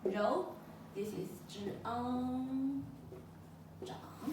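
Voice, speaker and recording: Patient female language teacher, unhurried, slightly high voice, distant echoey recording. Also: darkish tone. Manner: patient, drills pronunciation syllable by syllable. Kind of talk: bilingual language lesson. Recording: echoey room, mic far off, faint noise.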